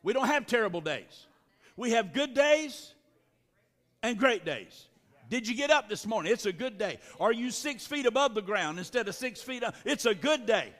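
A man preaches to his congregation, his voice pitched high. He drives his points home with repeated calls and responses in the manner of a pastor. The sound carries the long reverb of a large church hall. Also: sing-song, moderate pace, a bit bright. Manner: preaching with call-and-response, repetitive exhortations. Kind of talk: sermon.

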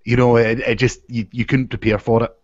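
A man's voice: medium pitch, flat delivery, fairly quick, dry recording. A man in a casual podcast chat who rambles and searches for his words. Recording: dull lo-fi audio.

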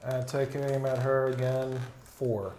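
A man of middle pitch plays a tabletop game, keeping his turns short and matter-of-fact. The sound is echoey, with a faint hiss behind it. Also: fairly even intonation, slow pace, darkish tone. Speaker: player. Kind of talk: casual tabletop play. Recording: roomy with faint noise.

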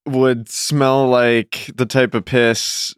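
A man's voice: medium pitch, flat delivery, drawn-out words, a little hiss or hum. A man player in casual, wry banter at a tabletop game podcast.

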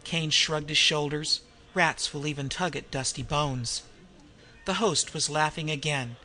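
Guy reading a story aloud, bright sharp tone, dramatic. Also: fairly high pitch, unhurried, rough recording. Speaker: narrator. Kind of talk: audiobook reading.

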